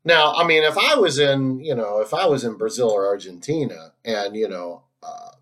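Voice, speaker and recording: Man, solo host, rambling talk, halting, restarts often, fillers, laughs a lot, mid-pitched voice. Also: expressive, fairly bright tone. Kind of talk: casual rambling monologue.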